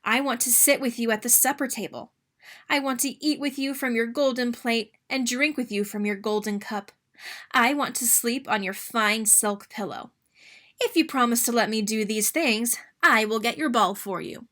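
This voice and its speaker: A woman voicing a small, ugly male frog in a read-aloud storybook, asking and pleading in a high voice. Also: normal speed, fairly bright tone, lightly acted.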